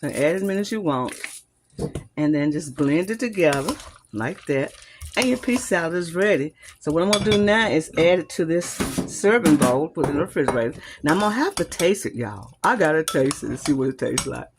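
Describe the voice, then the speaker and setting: A woman's voice: deep voice, expressive, brisk. A woman hosting a home cooking video, demonstrating a recipe in a chatty, homey way and calling her viewers y'all. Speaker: home cooking channel host. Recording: noisy kitchen with clattering utensils. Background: whisking, dishes and cutlery clinks.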